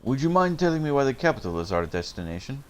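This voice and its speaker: A man's voice: mid-range voice, animated, moderate pace, lightly acted. A man voicing a fussy, seasick male skald in a mock Russian accent, polite and dryly ironic as he reads game text aloud. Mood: weary.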